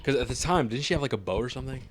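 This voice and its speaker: A man co-hosting a podcast with a mid-range voice, neither high nor low. He talks in loose, slangy casual chat. He often drops into flat, mocking quotes of movie lines. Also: racing. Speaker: podcast co-host.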